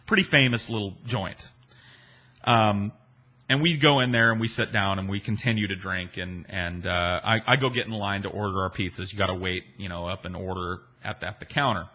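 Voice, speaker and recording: A man's voice: on the low side, moderate pace, pushed and bright. A man in his forties, a podcast host, telling stories and answering listener questions in a rambling, profane, self-deprecating way. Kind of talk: casual storytelling chat.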